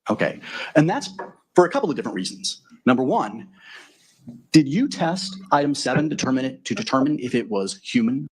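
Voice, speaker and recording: A man with a husky, slightly breathy voice cross-examines a witness in a courtroom. He presses methodically, closing his points with leading tag questions. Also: mid-range voice, sing-song, fairly quick. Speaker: defense attorney.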